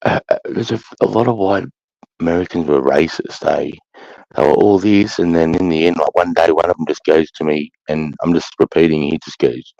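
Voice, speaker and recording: A man's voice: rumbling low, a little fast, gravelly, a little mellow, dry recording, lo-fi sound. An Australian man telling stories in casual online chat, crude and full of swearing.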